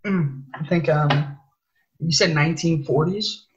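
A man's voice: fairly high pitch, measured pace, muffled recording, background noise. A young man co-hosting a podcast, bantering playfully and laughing. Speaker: podcast co-host. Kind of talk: casual chat.

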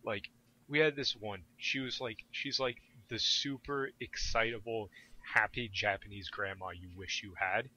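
A young man telling stories in casual podcast chat, self-deprecating and animated. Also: fairly low pitch, a little slow, dull audio. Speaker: podcast guest.

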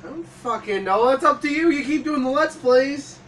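A blunt young man joins in the chat from off to the side and swears freely. His voice sits high and sounds set back from the mic. Faint noise runs behind. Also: moderate pace, a bit bright, far from the mic, rough recording. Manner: blunt, swearing, laughs often. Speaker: co-host, sibling. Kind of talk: casual chat.

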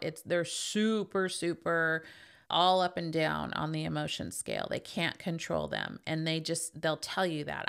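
Middle-aged woman, podcast host, slightly low voice, candid, emphatic, casual monologue. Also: lively intonation, moderate pace, gravelly, a bit bright.

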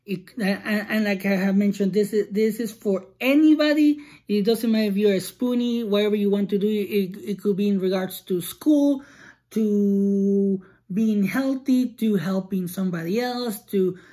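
A woman's voice: medium pitch, moderate pace, mellow. A woman hosting a podcast, talking through an earnest, encouraging monologue in a loose, casual way with frequent restarts. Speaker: podcast host.

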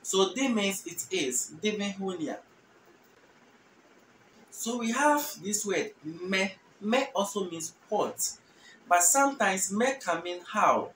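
A Ghanaian man with a slightly higher voice teaches a language lesson very slowly, repeating every phrase. He sounds a little far from the mic, in a roomy space with faint background noise. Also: animated, fairly bright tone. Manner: slow, repeats each phrase patiently and translates. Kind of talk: relaxed spoken language lesson.

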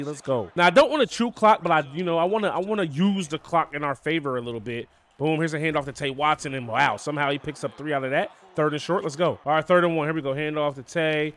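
A young man, host of a gaming channel, giving casual play-by-play commentary on his own game, hyped up and talking to his viewers like buddies. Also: a little high. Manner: hyped, talks to viewers as "boys", bursts of excitement.

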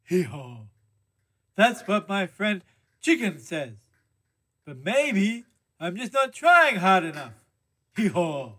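Donkey puppet guy doing it, high swoopy voice, hee-haws all through, slow and earnest. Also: big pitch swings, pushed and bright, heavily acted. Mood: matter-of-fact. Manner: punctuates speech with hee-haw brays. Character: glum male donkey puppet, earnest, brays. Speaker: kids' time puppet character.

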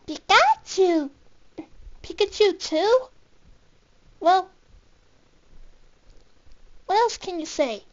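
A woman reading a picture book aloud, slowly and haltingly, restarting words, on a dull lo-fi recording. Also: very high voice, lively intonation, darkish tone. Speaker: storybook reader.

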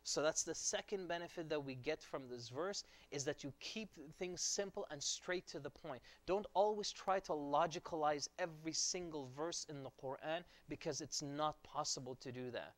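Earnest man giving a Quran lecture. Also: fairly high pitch. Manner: earnest, conversational, recites Arabic verses quickly. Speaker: Quran teacher.

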